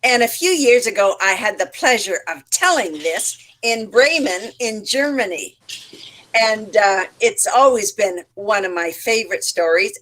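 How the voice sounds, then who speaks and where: A woman's voice: medium pitch, a bit bright. A woman telling folk tales expressively to teachers over a video call, acting out sounds and voices as she goes. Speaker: storyteller. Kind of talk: participation storytelling for teachers. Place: home setup, online session.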